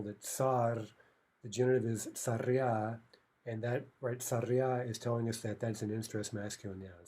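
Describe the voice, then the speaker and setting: Guy teaching grammar, kinda husky voice, keeps saying right?. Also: on the low side, a little mellow. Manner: explanatory, frequent checking "right?" tags. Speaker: language teacher. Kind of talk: recorded language lesson.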